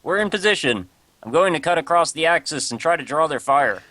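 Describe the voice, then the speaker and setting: A calm male squadron leader pilot giving orders in a relaxed script read-through, read by a man in a voice close to his own. The voice sits a little high and stays plain, with little acting put on. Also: brisk. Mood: steady orders.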